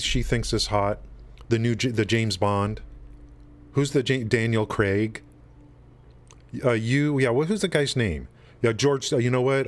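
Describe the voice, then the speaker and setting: A man hosting a live game stream, chatting loosely with his viewers, rambling with many restarts and fillers. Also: lowish voice. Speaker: livestream host. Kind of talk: casual chat with stream chat.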